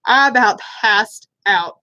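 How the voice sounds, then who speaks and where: Chatty higher-pitched woman, dry sound. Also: lively intonation, slow, sharp tone, no echo, dull audio. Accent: Southern US. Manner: chatty, rambling, self-deprecating. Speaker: beauty vlogger. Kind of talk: casual storytelling while doing makeup. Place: home room, live stream.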